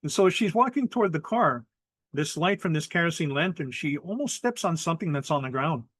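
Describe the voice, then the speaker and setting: A man's voice: fairly high pitch, brisk, no echo. Hawaiian man telling a ghost story. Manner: animated, acts out quoted voices, mixes in Hawaiian words. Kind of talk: oral storytelling.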